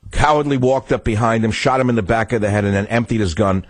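A man's voice: lowish voice, quick pace, hardly any pauses, no room sound. A man hosting a political talk radio show, ranting heatedly and repeating phrases for emphasis. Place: radio studio.

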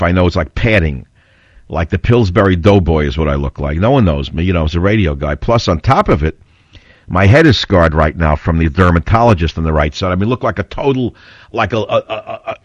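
Blunt older radio host, low voice. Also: male voice, no echo. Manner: blunt, combative, rambling storyteller. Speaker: radio talk show host. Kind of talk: opinionated talk radio monologue. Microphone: studio mic. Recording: dull, slightly lo-fi radio audio.

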